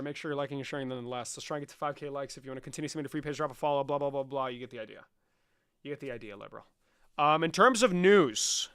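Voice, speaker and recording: A man's voice: fairly high pitch, sharp tone, clean tone. A young man around twenty, casually chatting on a livestream in a joking, sarcastic way and swearing a lot. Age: young adult.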